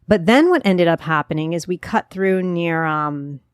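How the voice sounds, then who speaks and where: A woman's voice: on the low side, expressive, normal speed, clean tone, no room sound. Chatty New Jersey woman, dry close mic. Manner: chatty, self-deprecating, rambling asides. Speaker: podcast host. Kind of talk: chatty local podcast talk.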